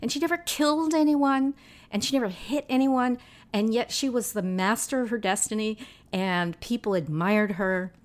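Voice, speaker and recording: A woman in her sixties, a filmmaker and activist talking as a guest in a casual interview, telling lively anecdotes. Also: a little high, normal speed. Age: 60s. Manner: lively storyteller, animated anecdotes.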